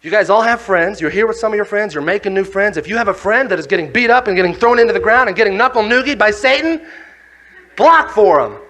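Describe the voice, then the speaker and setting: A young man giving a motivational talk to a youth audience, telling a story with acted-out voices and shouts. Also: high-pitched, lively intonation, fast. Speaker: youth speaker.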